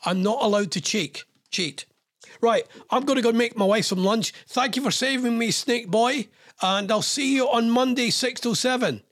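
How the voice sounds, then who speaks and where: A man's voice: very high-pitched, moderate pace, a bit bright, no echo, clean studio sound. A man with a Scottish accent hosting a radio phone-in, chatting in a rambling, self-mocking way and coaxing listeners to call. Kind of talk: casual radio chat.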